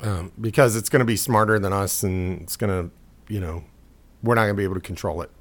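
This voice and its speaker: A man's voice: on the low side, quick pace, slight background noise. A man co-hosting a casual podcast chat, rambling through jokes and opinions and laughing often. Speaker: podcast co-host.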